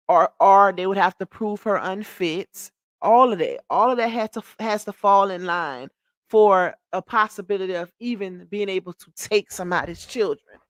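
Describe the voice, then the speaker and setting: A woman with a fairly low voice, recorded dry in a clean studio, hosts a casual gossip livestream. She reads viewer comments and replies, emphatic and chatty, repeating herself and calling everyone "y'all" and "child."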